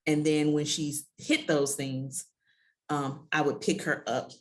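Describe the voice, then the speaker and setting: A woman's voice: deep voice, steady tone, slow. A woman in her thirties, a podcast guest, telling parenting stories casually and often acting out quoted voices. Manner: acts out her child and herself in quoted voices, laughs often. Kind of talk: casual conversational storytelling.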